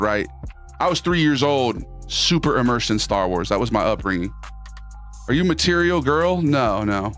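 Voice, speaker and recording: Male streamer, middle voice, casual chat with quick put-on voices, soft music under. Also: medium pitch. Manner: loose, animated, jumps into quick silly voices.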